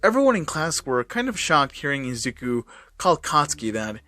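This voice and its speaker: A man's voice: fairly high pitch, very animated, moderate pace, pushed and bright. A man who hosts a channel, casually reading fan fiction aloud with small slips and fillers.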